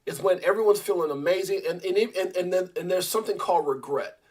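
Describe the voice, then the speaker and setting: A man hosts a casual live stream in a husky, somewhat high voice. He rambles, stops and restarts his sentences, and repeats words as he goes. He talks directly to his viewers and to a co-host. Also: fast, darkish tone. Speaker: crypto livestream host.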